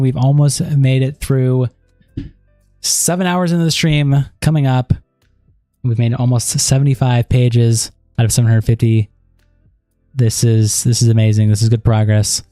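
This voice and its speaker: A man streaming, reading chat logs aloud at a steady pace and breaking off into rambling casual asides full of fillers. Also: medium pitch, normal speed, no echo, studio quality, soft background music.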